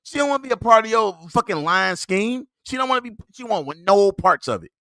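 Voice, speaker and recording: High, lively, mocking podcast host man. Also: brisk, no echo. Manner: mocking, scolding, laughs at the other man. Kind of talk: heated commentary on a played clip.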